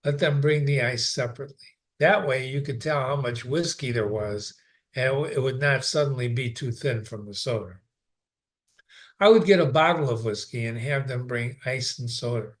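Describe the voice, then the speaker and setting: A man reading a novel aloud in an unhurried way, sometimes stopping for a brief aside of his own. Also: medium pitch. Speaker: reader.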